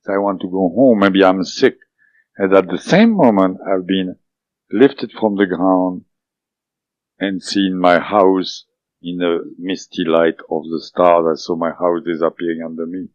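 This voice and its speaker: A man whose first language is French, telling his story as an interview guest, halting and full of fillers and restarts. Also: deep voice, fairly even intonation, no echo. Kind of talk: recounting a personal experience in an interview. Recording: dull lo-fi dry recording.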